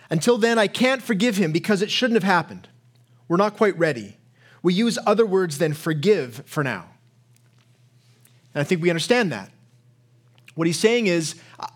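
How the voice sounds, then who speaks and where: A male pastor preaching a sermon, telling stories with rising passion and often repeating words as he builds. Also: high-pitched. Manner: impassioned storytelling, repeats words when worked up.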